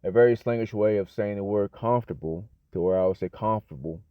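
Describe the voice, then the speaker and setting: In a dull, dry, lo-fi recording, an American English teacher rambles through an unscripted, casual lesson, full of fillers, restarts and self-corrections. His voice sits on the low side and he talks fast.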